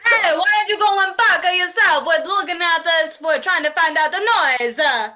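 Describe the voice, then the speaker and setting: A woman improvising a brash, quarrelsome cartoon duck in a mock Italian accent, loud and swearing. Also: extremely high pitch, normal speed.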